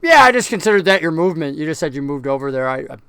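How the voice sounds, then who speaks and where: A man narrating and explaining rules as game master of a tabletop game, relaxed and patient. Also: fairly high pitch, very fast, clean tone, no echo.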